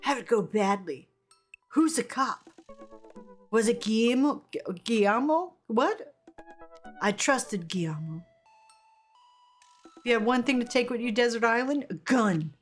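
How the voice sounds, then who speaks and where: Chatty woman streamer, fairly high voice. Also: expressive, unhurried, pauses often, faint music behind. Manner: laughs often, reads chat aloud. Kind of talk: casual gameplay commentary.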